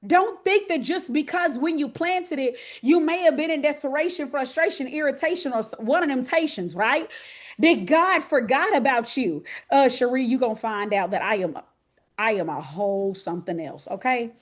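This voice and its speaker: A woman's voice: sits high, expressive, moderate pace. A woman from Texas with a Texas accent preaching to women, folksy and country, calling on listeners by name. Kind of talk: lively sermon to women's group.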